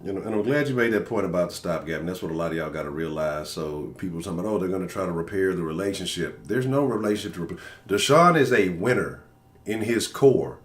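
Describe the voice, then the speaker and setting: A man's voice: deep voice, expressive, quick pace. A man co-hosting a sports talk show, speaking emphatically and directly to listeners. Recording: echoey room.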